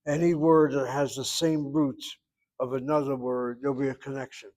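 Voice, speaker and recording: A man's voice: mid-range voice, flat delivery, normal speed, a little mellow. An older man teaching a Hebrew grammar class, wandering off into asides and carefully over-pronouncing each word he wants students to copy. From United States. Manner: digressive, emphatic over-pronouncing.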